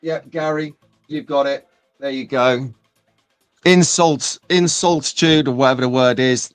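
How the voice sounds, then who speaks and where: A man's voice: mid-range voice, a little slow, clear, resonant tone, no echo, soft background music. Jokey man with dry sound. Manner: jokey, bantering, laughs often. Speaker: live stream host. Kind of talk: casual live stream chat.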